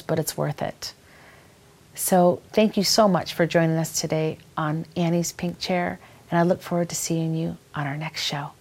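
A woman's voice: medium pitch, a little mellow. A woman with a Minnesota accent hosting a faith-based talk show, speaking in an earnest, enthusiastic, preacherly way. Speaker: ministry talk show host.

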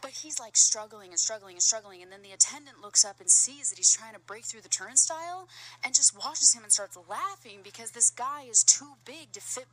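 A young woman casually telling a travel story outdoors, chatty and animated, slipping in halting French phrases. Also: fairly high pitch, rough recording. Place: outdoors at a busy landmark.

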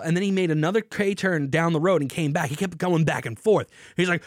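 A man hosting a casual show, telling a story in an animated way with lots of swearing, then talking about beer hops. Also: a little high, fairly quick, no echo, clean studio sound. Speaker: podcast host.

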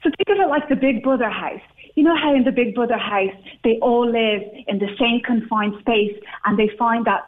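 A woman's voice: a little high, moderate pace, few pauses. Woman giving advice over a tinny phone line. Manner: upbeat, advising. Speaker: guest expert. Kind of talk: advice interview.

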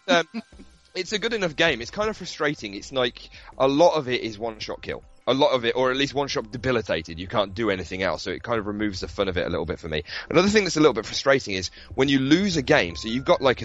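In a casual podcast chat about video games, a man with a mid-range voice tells animated stories, swearing and laughing throughout. The recording has a lo-fi quality.

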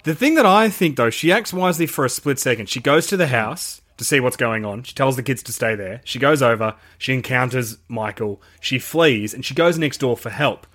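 A man's voice: mid-range voice, lively intonation, brisk, hardly any pauses, fairly bright tone. A man recapping a film plot in a casual, eager way as podcast co-host.

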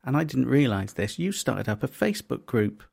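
A man's voice: medium pitch, big pitch swings, moderate pace, creaky, darkish tone, husky. An English man co-hosting a casual comedy podcast, bashful and self-deprecating, laughing often. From England. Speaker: co-host.

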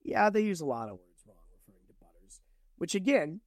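A man co-hosting a podcast, casually recapping and discussing a book in a relaxed, chatty way. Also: high voice, fairly quick, no echo. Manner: relaxed, chatty, laughs often. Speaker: podcast co-host.

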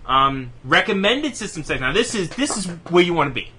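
A young man co-hosting a gaming podcast, rattling off specs in a quick, profane, joking casual chat. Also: a little high, big pitch swings, a crowd in the background. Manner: rapid, profane, laughing reading of spec lists. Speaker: podcast co-host.

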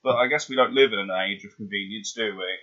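A man's voice: lowish voice, fast talker, a bit bright, highs cut off. A man voice actor ranting between takes, sweary and exasperated.

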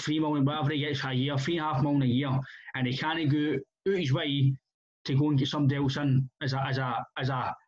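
A Scottish man in casual football chat, blunt and rambling, swearing freely with many restarts. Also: medium pitch. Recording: muffled lo-fi audio.

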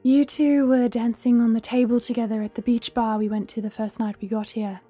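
A woman's voice: on the high side, flat delivery, a little fast, warm tone, faint music behind, close to an everyday voice. A woman voicing an awkward, edgy young man in a read-aloud story. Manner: hesitant, edgy.

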